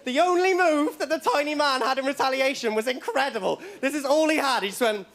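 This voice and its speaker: A young man performing a stand-up set in a comedy club, telling stories in an excitable, rambling way and tagging lines with "right?". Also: very high-pitched, brisk. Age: young adult. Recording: loud live crowd and club noise.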